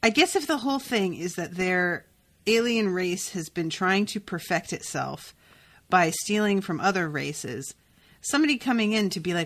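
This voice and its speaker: A woman hosting a podcast in casual chat, animated and profane, laughing often. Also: lowish voice, normal speed. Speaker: podcast host.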